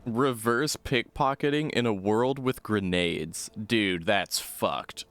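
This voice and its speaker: A man's voice: fairly low pitch, slow pace, few pauses, fairly bright tone. A man casually commenting on his gameplay as a streamer, laughing often and making goofy exclamations.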